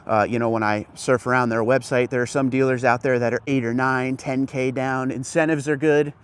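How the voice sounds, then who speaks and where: A man's voice: mid-range voice, fairly even intonation, fairly quick, clean tone. A man hosting a casual live stream from outdoors on a car dealership lot, chatting and greeting viewers by name as he walks.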